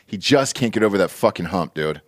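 Man, lowish voice, joking, profane, podcast host, dry close mic. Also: expressive, fairly quick, fairly bright tone, no room sound. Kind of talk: casual golf betting chat.

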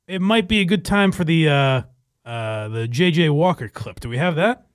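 A man's voice: on the high side, animated, normal speed, smooth, no room sound, clean studio sound. A man hosting a podcast in casual chat, rambling with fillers, swearing and laughing. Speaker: podcast host.

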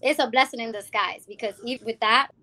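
Animated New woman telling her story. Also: on the high side, quick pace. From the Bronx, New York. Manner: animated storytelling, acting out quoted people, calls the host "girl". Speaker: guest, music founder. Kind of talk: personal testimony in a casual interview.

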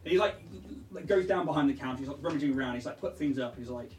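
Animated man running a tabletop game. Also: on the high side, fast, reverberant, far from the mic. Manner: loose, descriptive narration with many fillers. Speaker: game master.

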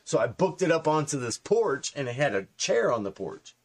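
Profane, animated man in his forties. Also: a little high, normal speed. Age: 40s. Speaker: podcast co-host. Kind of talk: casual comedic chat.

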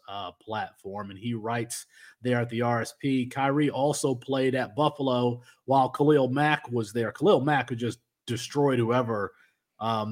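A man hosting a sports podcast in casual chat, rambling with many restarts. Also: medium pitch. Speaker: podcast host.

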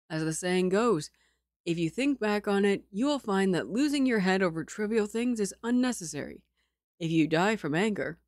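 A woman's voice: fairly low pitch, a little mellow, dry recording, studio quality, close to an everyday voice. A woman voicing a sickly young nobleman who talks in a playful, teasing way.

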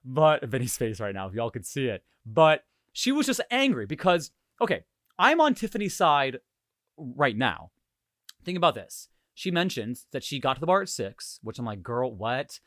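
A man's voice: mid-range voice, big pitch swings, normal speed, fairly bright tone, no echo, studio quality. A young man from Hawaii hosting a casual podcast, telling a story in a jokey, profane way. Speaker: podcast host.

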